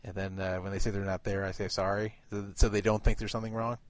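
A man's voice: on the low side, level tone, quick pace, no room sound. A man hosting an online radio show in casual chat, rambling and correcting himself.

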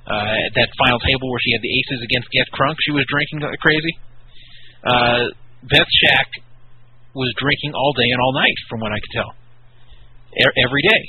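A man's voice: mid-range voice, moderate pace, a little hiss or hum. A man co-hosting a casual radio talk show, telling stories and giving his opinions. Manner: storytelling, opinionated. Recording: tinny phone-like line.

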